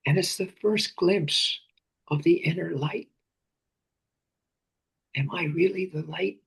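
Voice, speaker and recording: A man leads a guided meditation in a slow, unhurried voice with a gravelly, very husky texture. He often sinks into breathy whispers and softly repeats phrases and names. His pitch sits a little high for a man. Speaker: meditation teacher.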